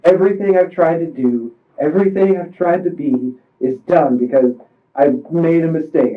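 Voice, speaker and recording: A distressed man under police questioning, halting and rambling through his story with many restarts. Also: on the high side. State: distressed, voice strained. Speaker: suspect in police interrogation. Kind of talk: recounting events under questioning. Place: police interview room. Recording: tinny, distant interrogation-room recording.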